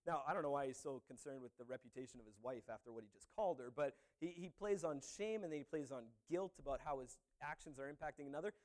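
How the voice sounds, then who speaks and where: A man's voice: medium pitch, fast, hardly any pauses, darkish tone. A man preaching a sermon as a pastor, talking in a conversational way with many "you know"s and "uh"s.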